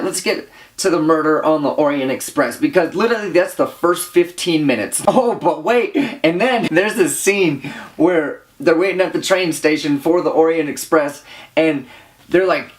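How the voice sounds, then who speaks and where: Young man, movie reviewer, casual rant, fairly high-pitched, rambling, exasperated. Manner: rambling, filler-heavy, laughing, exasperated.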